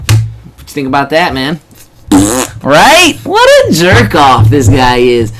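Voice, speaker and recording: A man's voice: a little high, takes it slowly, over music. A man hosting a casual sports podcast, ranting and swearing often. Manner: animated, profane, rants. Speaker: podcast host.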